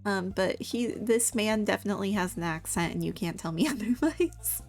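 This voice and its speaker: Relaxed young woman narrating gameplay. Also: mid-range voice, moderate pace, soft background music. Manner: relaxed, chatty, giggly asides. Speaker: gaming video host. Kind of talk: casual gameplay commentary.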